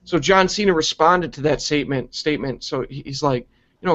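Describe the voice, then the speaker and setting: A man reviewing wrestling in a profane, exasperated rant, sarcastic and quick to mock. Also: a little high, a bit bright. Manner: sarcastic and exasperated, heavy swearing. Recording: dull lo-fi recording.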